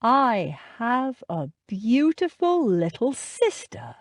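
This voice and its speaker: A woman's voice: sing-song, slow pace, no echo, studio quality, full character voice. Zack, a woman reading an earnest young nobleman. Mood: tender. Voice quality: deep voice. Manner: tender, earnest.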